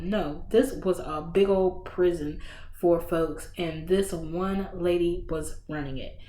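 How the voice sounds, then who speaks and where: Woman, book podcast host, casual chat, slangy, unhurried, echoey room. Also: medium pitch. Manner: animated, slangy storytelling with sudden bursts. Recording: roomy echo.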